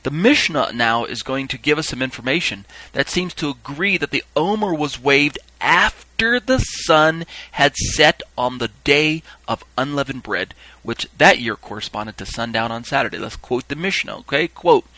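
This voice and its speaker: A man gives a teaching sermon, reading passages aloud and stopping to explain them. His voice is bright and a little tense. The sound is dry and close, with no room around it. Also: mid-range voice, lively intonation, moderate pace, hardly any pauses, no room sound, low-quality recording. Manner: explanatory, acts out quoted call-and-response with raised voice. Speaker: Bible teacher.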